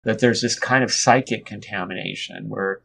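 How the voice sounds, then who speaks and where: Low-voiced male guest, rambling conversational storyteller, lots of restarts. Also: moderate pace, creaky, a little hiss or hum. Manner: relaxed, rambling, frequent restarts and fillers. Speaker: interview guest.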